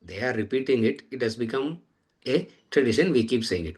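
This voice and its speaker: A man giving a Vedanta scripture lecture, explaining verses in a measured way and chanting Sanskrit lines slowly, often trailing off softly. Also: medium pitch, animated, breathy edge. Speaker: Vedanta teacher.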